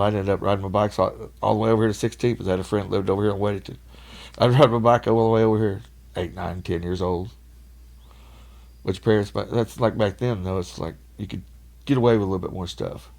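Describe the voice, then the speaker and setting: A gravelly, low-voiced man spins folksy stories on a podcast. He swears freely and breaks into laughter often. He sounds middle-aged. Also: a little mellow. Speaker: podcast guest. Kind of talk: casual storytelling.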